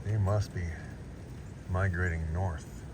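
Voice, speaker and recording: Slow and fairly even in intonation, a middle-aged man who serves as a farm church minister chats on a windy farm. He coos to his animals in high baby talk.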